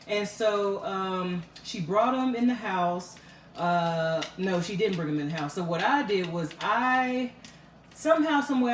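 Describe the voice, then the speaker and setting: A woman's voice: fairly low pitch, recorded from a distance. A woman, chatting through a home cooking demonstration in a folksy, storytelling way full of fillers. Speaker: cooking vlogger. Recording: roomy echo, mic set back, faint room noise.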